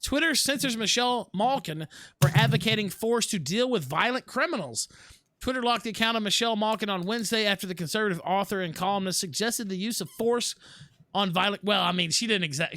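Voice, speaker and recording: A Southern American man hosting a livestream talk show. His voice sits high and sounds bright and forceful, and he keeps tossing rhetorical questions at his guest. The recording is dry and close. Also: very animated, fairly quick, no room sound. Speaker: host. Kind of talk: casual political talk.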